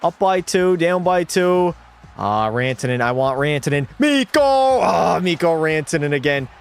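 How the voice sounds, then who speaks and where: A man's voice: on the high side, unhurried, creaky, clean tone. A young man streaming a hockey video game, calling the plays like a broadcaster, swearing freely and talking to his chat. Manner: excitable play-by-play, swears freely, talks to chat. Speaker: gaming streamer.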